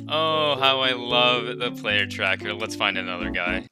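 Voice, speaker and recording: Excitable man shouting over gameplay, music behind. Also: fairly low pitch, a little slow, few pauses. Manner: excitable, bursts into loud shouting and laughter, makes playful beep sounds. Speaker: gaming video creator. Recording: clear background music. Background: background music.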